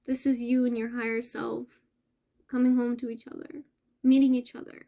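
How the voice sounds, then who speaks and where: A woman hosting a casual spiritual message for her viewers, gentle and affirming, with soft laughs and self-corrections. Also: a little high, level tone, normal speed, creaky. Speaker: spiritual channel host.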